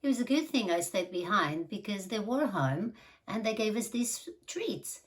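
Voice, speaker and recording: A woman's voice: mid-range voice, sing-song, normal speed, close to an everyday voice. A woman voicing a scheming adult father who talks in a coaxing, falsely reassuring way. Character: soft-spoken scheming father, adult man.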